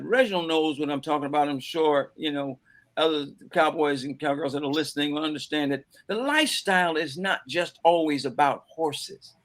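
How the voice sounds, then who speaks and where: A middle-aged man telling stories as a guest in a panel conversation, animated and repeating words as he acts out quoted voices. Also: a little high. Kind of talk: conversational storytelling. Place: bookstore event conversation.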